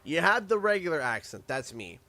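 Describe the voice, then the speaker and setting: Chatty Canadian man, rather high. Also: sing-song, a little fast, pushed and bright, soft background music. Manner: rambling, self-interrupting and laughing. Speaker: livestream host. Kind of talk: casual chat while gaming.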